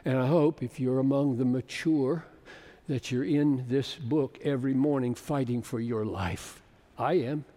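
A man in his seventies preaching a sermon with passion, building to loud, emphatic peaks. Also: mid-range voice, unhurried. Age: 70s. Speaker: pastor. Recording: long hall reverb.

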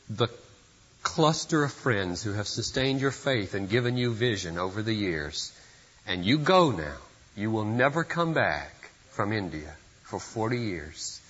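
A man's voice: on the low side, a bit bright, breathy edge, dull audio. A pastor preaching a sermon at a church service, speaking earnestly and putting direct questions to his listeners.

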